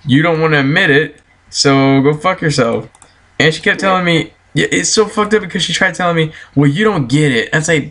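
Profane ranting man, fairly high voice. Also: fairly quick, fairly bright tone. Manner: profane, heated, laughs often. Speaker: vlogger telling a story. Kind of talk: casual storytelling rant.

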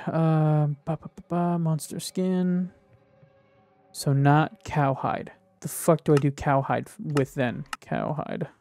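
A man's voice: a little high, creaky, a little mellow, a little hiss or hum. A man giving casual gameplay commentary, jittery and swearing as he talks to himself and the game. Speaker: gaming video creator.

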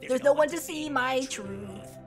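A woman's voice: high voice, unhurried, faint music behind, pitched below the performer's own voice. A woman voicing a brash, scheming male demon ghost who talks in a cocky, wheedling, half-sung patter. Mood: mopey singing.

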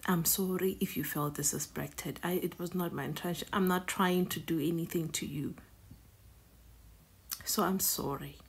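A woman voicing her older mother, who pleads softly and apologetically to a spirit at a grave. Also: on the low side, steady tone, moderate pace, husky. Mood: pleading.

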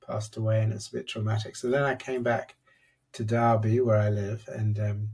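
A man, a psychologist and author on compassion, telling a personal story as a podcast guest in an animated, conversational way. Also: on the low side, normal speed, slightly rough, far from the mic.

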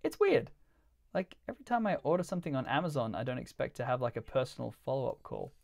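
Male game streamer, mid-pitched with a gravelly edge, rambling and chatty, laughs a lot. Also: lively intonation, rapid-fire, a little mellow. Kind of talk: casual chat while gaming.

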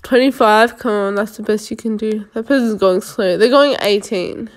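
A woman's voice: medium pitch, normal speed. A woman giving casual, sarcastic running commentary while playing a police game, joking and talking to herself.

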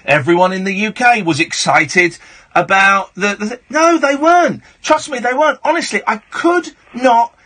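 A man's voice: high voice, moderate pace, pushed and bright. A man hosting a late-night phone-in radio show, rambling and joking, with bursts of mock outrage. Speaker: radio host. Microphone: studio mic.

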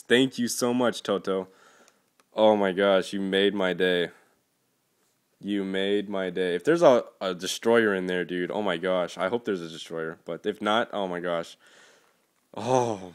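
A young man with a fairly low voice talks through a toy unboxing in a casual vlog. He is earnest and halting, stumbles and restarts as he searches for words, and then breaks into gushing, excitable exclamations. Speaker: toy collector vlogger.

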